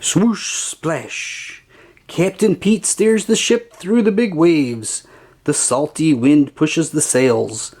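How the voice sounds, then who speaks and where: A reader narrating a children's picture book aloud in a slow, expressive, sing-song way. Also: medium pitch. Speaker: storybook reader.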